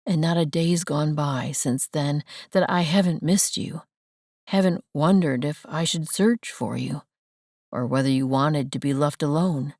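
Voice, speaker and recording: A woman reading the part of a remorseful young man in an audiobook, voicing him low and soft. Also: a little slow, no room sound, studio quality. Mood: tender. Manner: low, soft-spoken, heartfelt.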